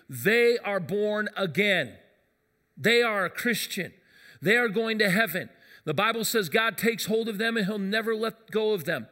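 A man with a high, bright voice, preaching from the pulpit of a church. He tells stories with animation, acting out the lines of the people in them. His voice rings through a hall with a long reverb. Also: moderate pace. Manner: animated storyteller acting out quotes. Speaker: pastor. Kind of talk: sermon with storytelling. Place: church sanctuary.

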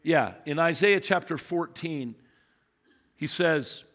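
A male pastor preaches a sermon in a church sanctuary, his voice sitting a little high for a man. He talks emphatically and keeps putting questions to his congregation. The sound carries a long reverb from the hall. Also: lively intonation, slow pace, fairly bright tone.

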